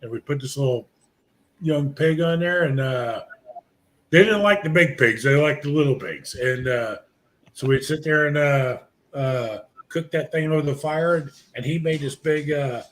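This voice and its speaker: A middle-aged man guesting on a barbecue podcast tells long, casual, rambling stories packed with fillers and restarts. His voice is fairly high-pitched and his pace is normal.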